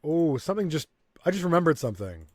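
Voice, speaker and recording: A man's voice: fairly high pitch, sing-song, fast talker, darkish tone, no room sound, clean studio sound. A man hosting a let's play, thinking aloud and reading game text in casual commentary.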